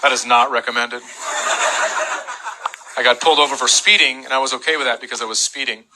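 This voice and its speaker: A male stand-up comedian telling stories deadpan, acting out the people in them, on a club stage. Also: medium pitch, a little fast, noisy background. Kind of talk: stand-up storytelling. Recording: live club with audience laughter.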